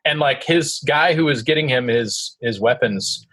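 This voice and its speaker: A man's voice: mid-range voice, moderate pace, a bit bright. A man co-hosting a podcast in casual chat, upbeat and enthusiastic. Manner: upbeat, enthusiastic, laughs often. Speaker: podcast co-host.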